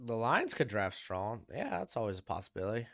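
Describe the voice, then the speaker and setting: A man's voice: lowish voice, very animated, fairly quick, creaky, fairly bright tone. A young man hosting a live stream, casually commenting on draft picks and answering his chat. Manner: chatty, answers chat questions, offhand opinions.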